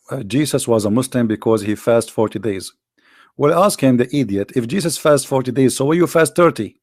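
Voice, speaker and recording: A man speaks in slightly broken, pushing a combative religious argument. His delivery is mocking and full of rhetorical questions. His mid-pitched voice has a rough, gravelly edge. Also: darkish tone. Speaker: Christian apologetics presenter.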